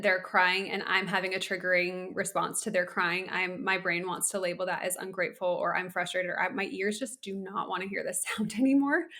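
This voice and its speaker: Brief: woman, 30s, podcast co-host, candid casual chat, mid-pitched, full of "like"s. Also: a bit bright. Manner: candid, conversational, many filler likes.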